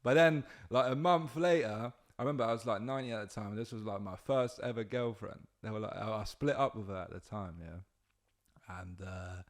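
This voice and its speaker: A man's voice: on the low side, moderate pace. A young man, hosting a podcast and swapping work stories in casual chat, swearing freely and acting out quotes. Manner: swearing, storytelling with acted-out quotes. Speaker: podcast host.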